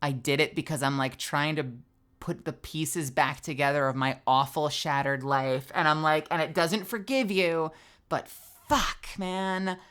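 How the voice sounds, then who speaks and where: A woman's voice: sits low, fairly even intonation, unhurried, a bit bright, clear, resonant tone. A young woman streamer with a tired, strained voice, chatting animatedly, laughing and swearing freely. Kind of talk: casual stream outro chat.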